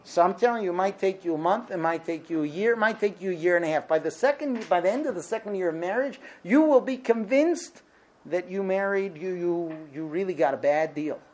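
High-voiced man lecturing with emphasis. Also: brisk, darkish tone. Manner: emphatic, with rhetorical questions. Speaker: teacher of a marriage class. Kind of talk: lecture to a class.

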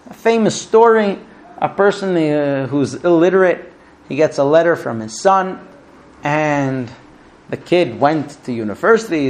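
A man giving a Talmud class, telling stories with vivid, animated intonation and conversational fillers. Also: fairly high pitch. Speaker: Torah teacher.

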